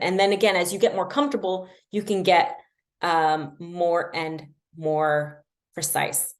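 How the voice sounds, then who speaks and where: A young adult woman casually teaching language learning on a livestream, chatty and self-deprecating, with lots of fillers. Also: fairly low pitch.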